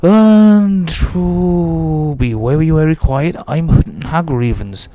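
A man's voice: mid-range voice, expressive, normal speed, dark tone, no room sound. A man giving chatty, jokey commentary as he plays a game and talks to himself. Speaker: let's play host. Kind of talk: casual gameplay commentary.

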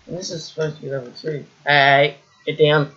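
A woman's voice: low-pitched, little pitch movement, normal speed, fairly bright tone, dull audio, a little hiss or hum. A woman giving casual let's play commentary, full of exasperated exclamations and self-mocking remarks. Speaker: gamer playing a parkour map.

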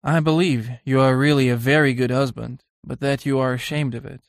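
A man's voice: medium pitch, steady tone, a little fast, dry recording, studio quality, lightly acted. A man voicing an earnest young painter in an audiobook, confiding and uneasy in tone.

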